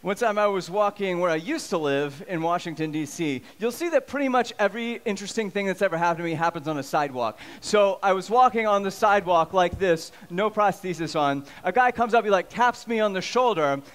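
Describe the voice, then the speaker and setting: A man in his thirties doing stand-up comedy, telling stories in an animated way and acting out the voices of the people in them. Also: sits high, a little fast, few pauses. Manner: animated, acts out quoted voices.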